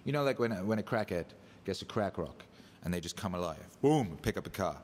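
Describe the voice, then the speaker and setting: A man hosting a casual livestream, hyped and loose, swearing and shouting out viewers. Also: sits low, lively intonation, fairly quick. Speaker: livestream host. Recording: echoey room with long reverb.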